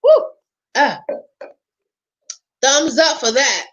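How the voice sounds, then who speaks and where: Playful laughing woman host, slow-talking. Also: high voice, wildly swooping pitch, muffled recording. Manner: playful, laughs often, breaks into bits of song. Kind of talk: casual holiday chat.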